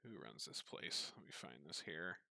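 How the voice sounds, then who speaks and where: A man's voice: low voice, very animated, normal speed, gravelly, sharp tone, dry recording. A man narrating a tabletop game as game master, meandering, with many fillers and restarts.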